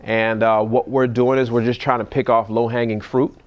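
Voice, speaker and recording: A man, a real estate investor, giving casual seminar talk at a live event and acting out phone scripts in a lively voice. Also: normal speed, highs cut off. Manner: animated, acts out calls in a higher voice.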